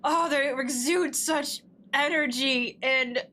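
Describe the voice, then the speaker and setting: A woman's voice: sits high, slow, bright, forceful tone. A woman gaming livestreamer chatting casually at her desk, talking bluntly and swearing freely while she plays.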